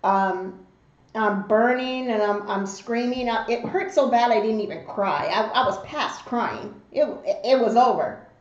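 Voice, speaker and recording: A woman's voice: fairly high pitch, unhurried. A woman hosting an eating show and telling a story, acting out the voices of the people in it. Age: adult mother. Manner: animated storyteller who acts out the voices in her story. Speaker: mukbang host. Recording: roomy, slightly dull home recording.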